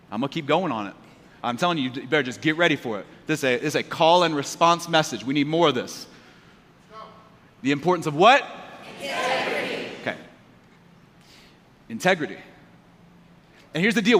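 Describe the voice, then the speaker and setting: Bright-voiced man preaching call-and-response. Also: high-pitched. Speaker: pastor. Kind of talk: sermon. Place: church auditorium. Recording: live hall with reverb.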